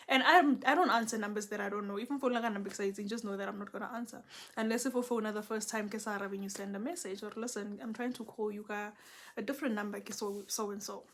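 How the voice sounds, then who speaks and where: With a medium-pitched voice, a young Setswana-speaking woman from South Africa relates a story in a relaxed, lively manner, switching between languages often.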